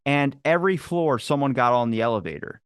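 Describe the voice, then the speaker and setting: A man telling a long story in casual chat, animated, swearing and acting out what people said. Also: mid-range voice, a little fast, clear, resonant tone, dry recording, studio quality. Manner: animated, swearing, acts out quotes. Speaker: podcast guest.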